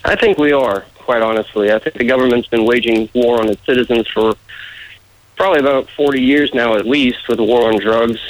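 A man speaking in a measured way as a guest on a casual radio interview, laughing often. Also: medium pitch, dry recording, low-quality recording. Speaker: political candidate guest.

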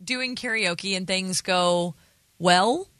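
Wry, bright-voiced female radio co-host. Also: mid-range voice, no room sound, clean studio sound. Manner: quick, wry interjections. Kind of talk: morning radio banter.

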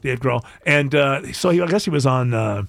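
Sarcastic, animated Rochester-born host. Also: male voice, mid-range voice, normal speed, vocal fry, no room sound, studio quality. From Rochester, New York. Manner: sarcastic, animated, laughs often. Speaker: podcast host. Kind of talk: casual comedic chat.

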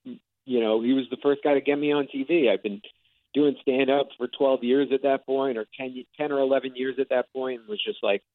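A man's voice: medium pitch, steady tone, fairly quick, no room sound. A man in his thirties, a stand-up comedian, talking in an easygoing, joking way as a guest on a radio show. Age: 30s. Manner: easygoing, joking, some stumbles. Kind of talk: casual radio interview chat. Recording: dry, tinny phone-like line.

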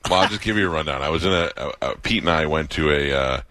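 A man's voice: rumbling low, fast talker, no echo. A man co-hosting a radio show, telling a story in casual banter and acting out the voices of the people in it. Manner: animated storyteller, acts out quoted voices.

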